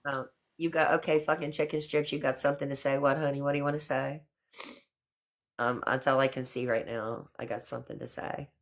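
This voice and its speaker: A woman's voice: very deep voice, fairly even intonation, a little fast. A middle-aged woman hosting a casual live stream chat, talking in a chatty, affectionate way and calling people honey and girl.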